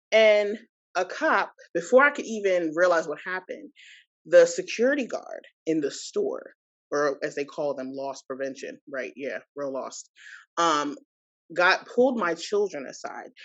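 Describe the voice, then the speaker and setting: A woman in her thirties, a podcast guest, recounting a personal experience in an animated, indignant way with many asides. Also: fairly low pitch, muffled recording. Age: 30s. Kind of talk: personal storytelling.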